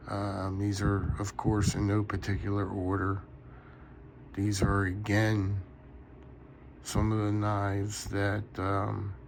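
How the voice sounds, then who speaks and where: A man's voice: on the low side, gravelly, a little hiss or hum. A tired man rambling casually in a late-night vlog from his bedroom, yawning often. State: sleepy. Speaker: knife collector vlogger.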